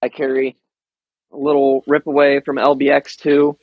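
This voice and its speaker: A man's voice: medium pitch, completely flat delivery, moderate pace, gravelly, highs cut off. A young man hosting a podcast, talking in an earnest, profane and digressive way. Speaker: podcast host. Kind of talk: casual chat.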